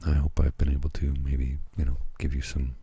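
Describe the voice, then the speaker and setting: Very low, husky soft-spoken man. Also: little pitch movement, highs cut off. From Canada. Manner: halting, rambling, frequent fillers and restarts. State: tired. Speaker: ASMR channel host. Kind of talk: soft-spoken ASMR personal talk.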